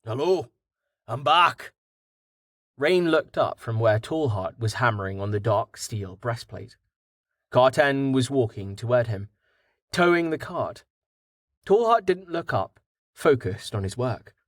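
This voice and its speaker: A man with a mid-range voice narrates a scripted audiobook, his reading measured and expressive. The studio-quality recording is dry.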